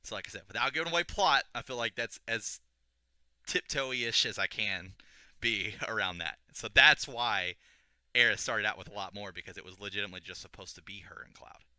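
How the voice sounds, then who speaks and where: A man's voice: fairly low pitch, brisk, sharp tone, no room sound, studio quality. A young man casually retelling a video game story to a friend, rambling with restarts and acting out the characters' lines. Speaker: podcast co-host explaining a game story.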